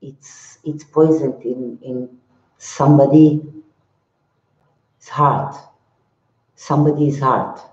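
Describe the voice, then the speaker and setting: An older monk chats with viewers on a live stream, speaking slowly and haltingly in broken English and often repeating his words. His mid-range voice is dark and mellow with fairly even intonation. The sound is roomy and a little dull.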